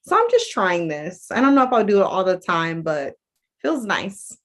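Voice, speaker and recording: A woman's voice: medium pitch, very animated, moderate pace, a bit bright. A woman coach talking casually to viewers in a rambling, chatty way, full of fillers and restarts. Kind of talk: casual livestream talk.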